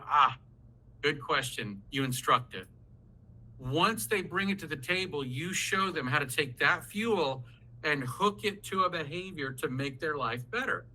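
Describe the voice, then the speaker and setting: A man leading a parenting workshop, talking in an animated, folksy way and acting out what parents and kids say. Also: fairly high pitch, normal speed, rough recording. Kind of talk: lively workshop talk. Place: video call.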